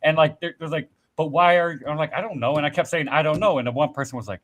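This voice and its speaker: A man's voice: on the high side, steady tone, fast, fairly bright tone. A man in casual podcast chat, telling rambling, profanity-laced stories with acted-out quotes. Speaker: podcast host.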